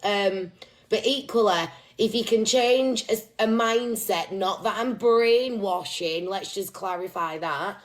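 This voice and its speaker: A woman's voice: mid-range voice, slow pace. Blunt, swearing woman host. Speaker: livestream host. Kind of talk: casual live-stream chat.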